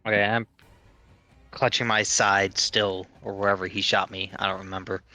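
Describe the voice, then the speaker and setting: A man playing a tabletop game over voice chat, talking slowly and hesitantly between jokes. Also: deep voice, flat delivery, sharp tone, no room sound, faint music behind. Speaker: player.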